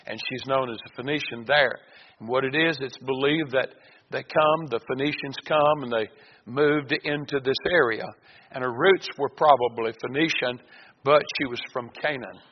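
Folksy preacher in an echoing church. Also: male voice, medium pitch, slightly rough. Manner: folksy, emphatic, reads scripture aloud. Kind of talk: sermon. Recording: dull echoey church recording with faint hiss.

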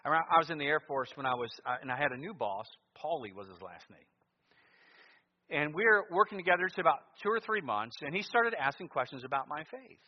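A man preaches with a lively, rising and falling voice, swinging from forceful emphasis to hushed asides. His tone is slightly husky and sits a little high for a man. The sound is muffled and rings with a long reverb, as in a church sanctuary. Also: brisk. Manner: animated preaching, swings between loud emphasis and quiet asides. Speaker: pastor. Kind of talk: sermon.

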